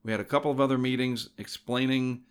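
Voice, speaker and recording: A man's voice: medium pitch, steady tone, fast, smooth. A middle-aged man who hosts a show, casually telling a personal story in a digressive way that keeps correcting itself. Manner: rambling and digressive, self-correcting.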